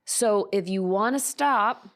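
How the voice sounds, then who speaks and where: A woman's voice: medium pitch, takes it slowly, a bit bright. A married woman co-hosting a casual faith podcast, telling a personal story earnestly and acting out quoted lines. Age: adult, married. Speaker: podcast co-host.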